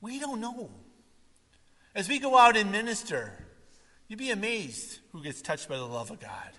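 A man preaching a sermon, swinging from loud, animated retellings to quiet, earnest asides. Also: high-pitched, moderate pace. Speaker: pastor. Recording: long reverb of a hall.

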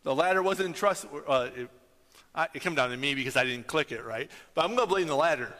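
A man's voice: on the high side, lively intonation, brisk, pushed and bright, big-room sound. A man preaching a sermon in a chatty, conversational way, often checking in with his listeners. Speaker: pastor.

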